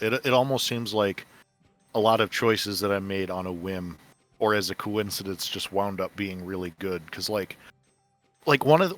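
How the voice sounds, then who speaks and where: A man's voice: lowish voice, a bit bright. A man who made the week's puzzle, talking about it in a rambling casual way, often repeating words. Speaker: puzzle designer on a community stream. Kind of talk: casual chat.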